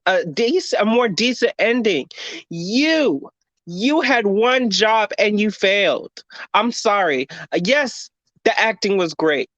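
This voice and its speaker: A man co-hosting a podcast, reviewing an episode in an animated, indignant rant. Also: high voice, dry recording. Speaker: podcast co-host. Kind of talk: casual review chat. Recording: dry, dull lo-fi sound.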